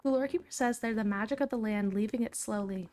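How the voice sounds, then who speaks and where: A woman's voice: on the high side, quick pace, a little mellow, a little hiss or hum, natural voice. A woman reading a brave young princess's game dialogue aloud in her own plain voice, without putting on an accent. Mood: earnest.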